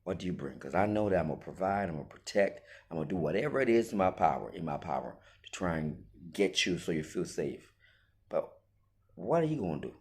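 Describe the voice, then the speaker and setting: Deep-voiced man preaching his opinions. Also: big pitch swings, fairly quick. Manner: emphatic, preachy, rhetorical questions; acts out quoted voices. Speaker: commentator. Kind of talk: opinion monologue on relationships.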